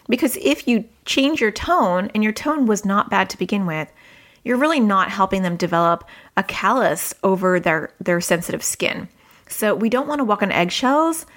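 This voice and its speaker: Woman talking through parenting advice. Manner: conversational, acts out quoted dialogue with lively pitch jumps. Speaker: parenting coach. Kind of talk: advice podcast talk.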